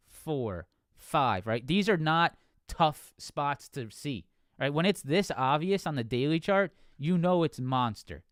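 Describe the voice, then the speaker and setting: Brief: male streamer, smooth clear voice, close dry mic, chatty chart talk with "right?" tags. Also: mid-range voice, no echo. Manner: conversational, peppers talk with "right?". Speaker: trading live streamer. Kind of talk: casual live-stream market analysis.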